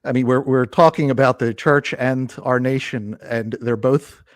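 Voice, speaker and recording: A man's voice: medium pitch, fairly even intonation, moderate pace, dry recording. A man speaking as a guest in a casual interview, arguing his points earnestly and with conviction. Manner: earnest, impassioned argument. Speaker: podcast guest.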